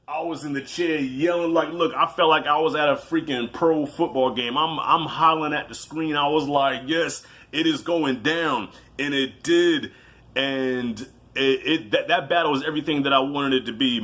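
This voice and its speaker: A young man talks through a film review in a relaxed, unscripted way. He swears freely and acts out his reactions as he retells scene after scene, with a voice of middling pitch. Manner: animated, profane, storytelling with acted-out reactions. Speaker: movie reviewer. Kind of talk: casual video review.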